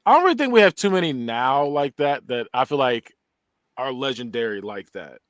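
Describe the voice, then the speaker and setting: A man hosting a casual gaming podcast, animated and quick to laugh. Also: medium pitch, no room sound, clean studio sound. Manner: animated, laughs often, drawn-out talk. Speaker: podcast host.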